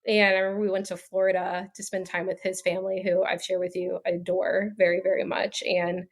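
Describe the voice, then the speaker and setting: A woman's voice: lowish voice, little pitch movement, a little fast, gravelly. A woman in her thirties telling her story as a podcast guest, chatty and filler-heavy, often laughing as she talks. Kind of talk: casual storytelling interview.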